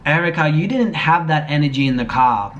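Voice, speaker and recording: Man, somewhat high voice, blunt and profane commentary host. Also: animated, unhurried, fairly bright tone, slight background noise. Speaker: YouTube commentator. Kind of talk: casual commentary vlog.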